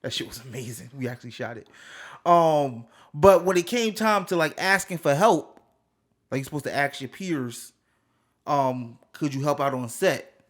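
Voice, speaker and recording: A young man co-hosting a podcast, talking casually and animatedly, with loud bursts and laughs. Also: fairly high pitch, animated, normal speed. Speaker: podcast co-host. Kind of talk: casual chat.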